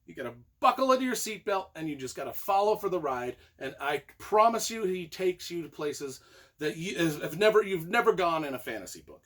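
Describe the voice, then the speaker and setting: A man giving an excited, casual book review, rambling and repeating himself, now and then breaking into loud emphatic bursts. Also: sits high, a little fast.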